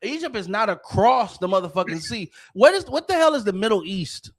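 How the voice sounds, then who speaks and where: Man, high-pitched voice, podcast host, heated profane rant, frequent restarts. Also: very animated, fairly quick.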